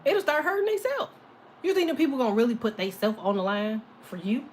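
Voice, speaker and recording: Sassy high-voiced woman tarot reader. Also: very animated, a little fast, a little mellow, a little hiss or hum. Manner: sassy, playful, laughing often; slips into silly voices for imagined people. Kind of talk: casual tarot live stream.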